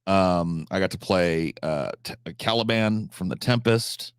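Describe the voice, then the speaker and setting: A man's voice: low-pitched, unhurried, clear, resonant tone, dry recording, studio quality. A man chatting casually on a live stream, answering chat questions, swearing freely, with frequent restarts and fillers.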